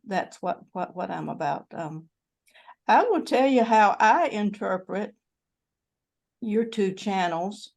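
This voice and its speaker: A woman's voice: mid-range voice, a little mellow. An older woman with a North Carolina Southern accent, hosting a casual video-call chat and rambling with lots of fillers and restarts. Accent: North Carolina Southern American. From North Carolina, USA. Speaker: channel host.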